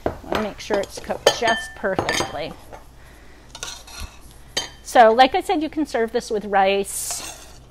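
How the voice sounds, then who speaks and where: A woman's voice: a little high, lively intonation, slow pace, pauses often, noisy background. A woman hosting a cooking demonstration, chatty with frequent ums, over pans sizzling and utensils clinking. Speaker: cooking show host. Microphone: wearing a microphone.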